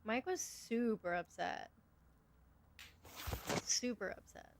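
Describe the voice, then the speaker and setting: A woman's voice: a little high, sing-song, slow pace, noisy background. A woman co-hosting a live stream, chatting in a playful, teasing way. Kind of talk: casual chat on a live stream.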